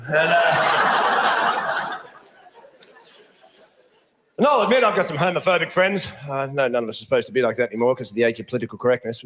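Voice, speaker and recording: A man's voice: medium pitch, heavy background noise. A man with an Australian accent doing a blunt, swaggering, profane stand-up routine on a club stage. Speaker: stand-up comedian. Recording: echoey club, loud laughter.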